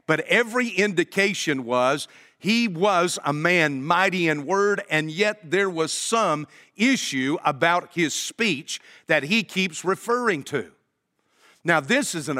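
High, bright-voiced man preaching. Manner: conversational preaching with rhetorical questions; addresses congregation directly. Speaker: pastor. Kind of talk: sermon.

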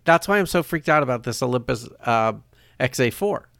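A man's voice: medium pitch, expressive, fairly quick, creaky, fairly bright tone, no echo, studio quality. A man co-hosting a podcast in casual chat, chatty and often trailing off mid-thought. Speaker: podcast co-host.

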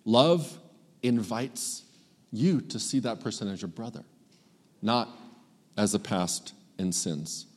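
A male pastor preaching a sermon, earnest and emphatic, with dramatic pauses. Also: on the low side, lively intonation, a little mellow, big-room sound.

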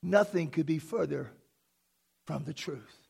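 A man preaching a sermon as pastor in a church, swinging from slow, quiet lines to emotional shouting and leading the congregation in call-and-response. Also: a little high, creaky, breathy edge.

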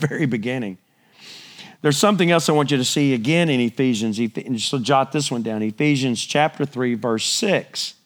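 A middle-aged man preaching a sermon, animated, his voice climbing higher when he gets excited.

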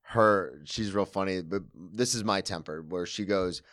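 A man hosting a casual chat, trading stories in a relaxed, profane way. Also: low-pitched, a little slow. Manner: relaxed, swears casually, tells work anecdotes.

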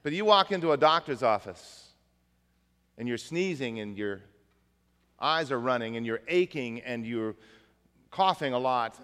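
A man's voice: medium pitch, fairly bright tone, big-room sound. A man preaching a sermon as pastor, conversational and folksy, mixing jokes into the message. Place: church.

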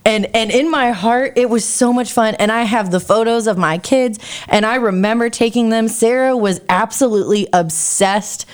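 A woman co-hosting a podcast, telling stories in a casual, animated way. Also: fairly high pitch. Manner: animated storytelling with quick bursts. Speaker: podcast co-host. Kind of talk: casual chat.

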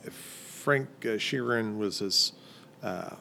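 A man in his fifties chatting loosely on a podcast. He has a gravelly, creaky voice and rambles, stopping often for fillers. A faint ambient hiss sits behind him. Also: fairly low pitch, slow pace, sharp tone. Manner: rambling, hesitant, many fillers. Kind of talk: casual chat.

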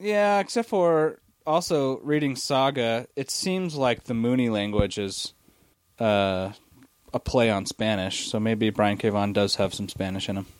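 A man in a casual podcast chat, teasing and wry, pausing on fillers. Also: mid-range voice, smooth, no room sound.

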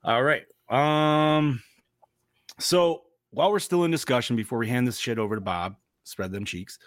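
A man's voice: mid-range voice, moderate pace, dry recording, clean studio sound. A man hosting a casual podcast chat, leading the group through scores and questions. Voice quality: animated, runs the discussion. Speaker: podcast host.

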